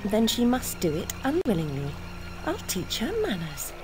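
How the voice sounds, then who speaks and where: A woman voicing a brisk, sharp-tongued young heroine in a video game, crisp and haughty. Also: mid-range voice, big pitch swings, lightly acted. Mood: curt. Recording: game audio under music.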